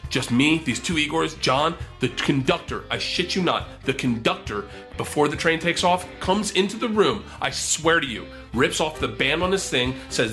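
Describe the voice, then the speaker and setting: A man telling a long story in casual podcast talk, animated and profane, acting out what people said. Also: a little high, normal speed, hardly any pauses, faint music behind. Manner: animated, profane, acts out quotes.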